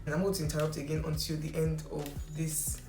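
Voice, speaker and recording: A woman's voice: deep voice, monotone, quick pace. A young woman vlogging about her hair, chatting casually and mocking herself, with lots of "like". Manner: chatty, self-mocking, full of "like". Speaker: beauty vlogger. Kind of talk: casual chat to camera and voice-over commentary. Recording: roomy echo, faint music.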